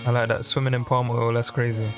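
A man hosting a music reaction, thinking aloud in casual commentary with pauses and restarts. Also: medium pitch, flat delivery. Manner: thinking aloud, musing and pausing.

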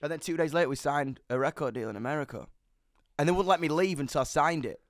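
A young man guesting as a musician spins a fast, animated story in an interview, swearing constantly. His pitch runs a little high, and the studio-quality recording has no echo.

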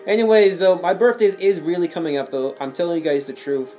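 Young male gaming host, rambling casual commentary, slightly high voice, faint game music behind. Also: fairly even intonation, fairly quick, darkish tone. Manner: rambling, repeats "though" and "anyways". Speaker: channel host and gamer.

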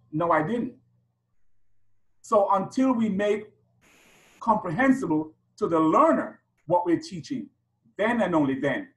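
A middle-aged man runs a teachers' workshop, his voice sitting a little high for a man. He checks in with the room and breaks into rhythmic chants to demonstrate. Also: rough recording. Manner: rhythmic, chants letters to a beat; asks the audience rhetorical questions. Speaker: teacher trainer leading a workshop.

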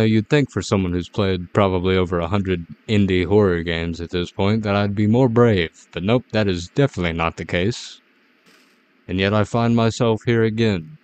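Low-voiced jittery man playing a horror game. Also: clear, resonant tone. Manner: rambling, jittery and self-mocking. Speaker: gaming YouTuber.

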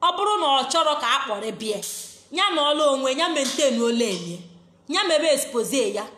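A woman's voice: high-pitched, sing-song, brisk, a bit bright. A woman with a Nigerian accent hosting a live-stream talk show, outspoken and switching between languages. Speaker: host. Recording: echoey room.

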